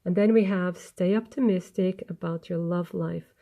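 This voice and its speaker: Mellow-voiced woman giving a tarot reading. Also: on the low side, steady tone, moderate pace, vocal fry. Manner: gentle, earnest, meandering with restarts. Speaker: tarot reader. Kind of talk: spoken tarot reading to camera.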